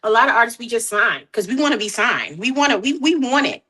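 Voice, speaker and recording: Bright, animated woman with a lilt. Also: a little high, fast talker, slightly rough. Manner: animated, laughs often, repeats words. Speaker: guest artist. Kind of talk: casual interview chat.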